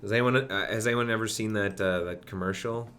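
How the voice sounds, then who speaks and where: A man's voice: on the low side, steady tone, brisk, fairly bright tone, a little hiss or hum. A man streaming himself coding, thinking aloud and muttering to himself in a casual way. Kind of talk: casual live-coding commentary.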